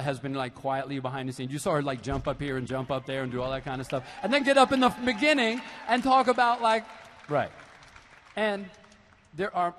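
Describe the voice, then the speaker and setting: Man telling stories from a reverberant arena stage. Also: fairly high pitch. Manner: storytelling, animated, playful asides. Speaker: percussionist addressing a concert audience. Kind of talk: stage talk between songs. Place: large basketball arena used as a concert hall. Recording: live hall recording with long reverb and faint noise.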